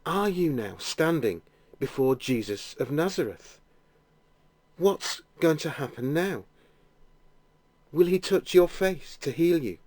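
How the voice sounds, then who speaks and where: Slow, gentle man guiding a prayer. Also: fairly high pitch, animated, no room sound. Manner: slow, gentle second-person storytelling. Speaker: prayer guide. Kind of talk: guided imaginative prayer narration.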